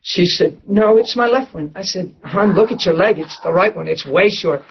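A man preaching to a church audience, telling a story with lively laughter and excited outbursts. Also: sits high, normal speed, gravelly, dull audio, slight background noise. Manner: animated, laughing, voice jumps up when excited. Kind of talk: storytelling sermon.

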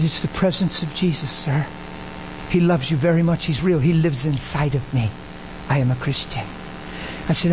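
A high-pitched man delivers a sermon through storytelling, jumping into the voices of the people he describes. His delivery swells in pitch and energy at the key points. A faint hum sits under the recording. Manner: animated, acts out dialogue, rises in pitch when excited. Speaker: preacher.

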